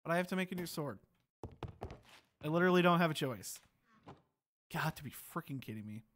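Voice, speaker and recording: Young guy grumbling thru his game, pitch all over the place, bit of hiss. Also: animated, brisk, fairly bright tone. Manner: exasperated, talks to himself while playing. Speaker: gaming channel host. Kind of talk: gameplay commentary.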